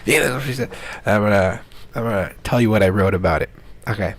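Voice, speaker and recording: A man's voice: fairly low pitch, fast talker, no echo. A young man on a podcast, chatting casually and ranting about a classmate, laughing often and mocking people with put-on voices. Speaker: podcast co-host. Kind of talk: casual chat.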